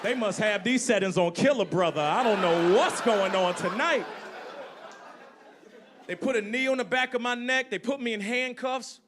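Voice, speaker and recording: Male stand-up comic, high voice, animated, profane, storytelling. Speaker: comedian. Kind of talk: stand-up comedy.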